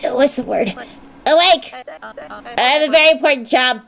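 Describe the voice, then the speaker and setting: A woman's voice: sits high, moderate pace, gravelly, fairly bright tone, faint music behind. A woman doing a drowsy rambling gatekeeper. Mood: sleepy. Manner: sleepy, rambling, forgetful. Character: drowsy gatekeeper who raises a heavy gate.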